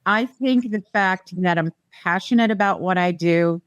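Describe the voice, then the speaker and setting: A middle-aged woman from the American Midwest, talking as a real estate guest on a podcast, chatty and quick to laugh. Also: on the low side, clear, resonant tone, no room sound. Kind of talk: casual podcast chat.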